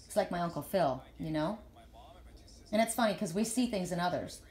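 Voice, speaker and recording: A woman's voice: on the low side, expressive, a little fast, darkish tone, roomy sound. A woman speaking as a spiritual reader and healer in a casual live chat to her followers. She talks earnestly and rambles, often repeating words as she starts a sentence.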